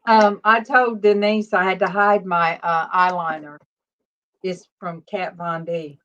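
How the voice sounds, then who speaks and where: A woman's voice: lowish voice, little pitch movement, a little slow, fairly bright tone, highs cut off. A middle-aged woman hosting a casual livestream chat, reading viewer comments aloud and talking with her daughter. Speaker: host.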